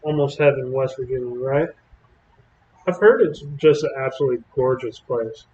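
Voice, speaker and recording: A man's voice: mid-range voice, moderate pace, darkish tone, reverberant, dull audio. A man from Texas giving casual, rambling live-stream commentary on storms while chatting with viewers. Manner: chatty, rambling, drawling with fillers.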